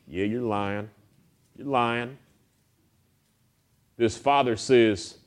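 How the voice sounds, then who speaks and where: A pastor preaches, voice sitting in an ordinary middle range. He tells stories in a folksy, animated way. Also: medium pitch, extremely slow, long pauses. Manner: folksy, animated storytelling with acted quotes. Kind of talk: sermon.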